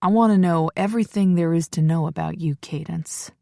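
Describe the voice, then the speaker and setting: A female narrator voicing a persistent, possessive biker man, speaking low and insistent. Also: brisk, vocal fry, warm tone, no echo, studio quality.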